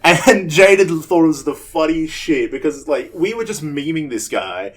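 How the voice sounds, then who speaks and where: A man's voice: a little high, moderate pace. Young aussie guy telling a story, swears a lot, goes off on tangents. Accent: Australian. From Australia. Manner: rambling and profane, with loud animated quoted voices. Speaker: podcast co-host. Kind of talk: casual storytelling.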